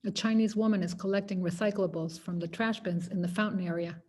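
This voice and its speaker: A woman's voice: fairly low pitch, fairly even intonation, fast talker, darkish tone, a little hiss or hum. Woman giving a wry poetry reading. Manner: wry, conversational narration with quoted voices. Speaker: poet reading her work.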